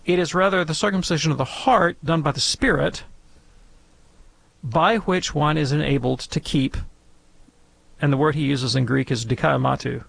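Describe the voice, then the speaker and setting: A man's voice: medium pitch, vocal fry, husky. A man answering listeners' questions as a theology expert on a call-in radio show, speaking emphatically and repeating phrases for stress.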